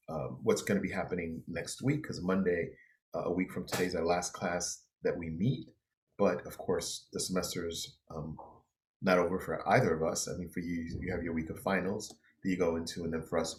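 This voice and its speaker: A middle-aged man, a college English instructor, lecturing an online class from his apartment in a loose, relaxed way with many fillers, his throat a little dry. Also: sits low.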